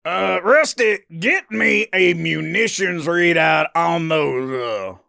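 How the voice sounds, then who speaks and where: Man doing a gruff, drawling grizzled colonist. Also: on the high side, expressive, slow, sharp tone, pitched above the performer's own voice, full character voice. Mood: mocking.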